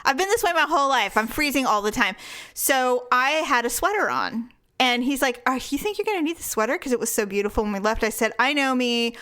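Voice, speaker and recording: A woman's voice: fairly high pitch, brisk, clean tone. A woman co-hosting a podcast, chatting casually and telling stories with lots of laughter. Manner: giggly, animated storyteller. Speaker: podcast co-host. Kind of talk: casual chat.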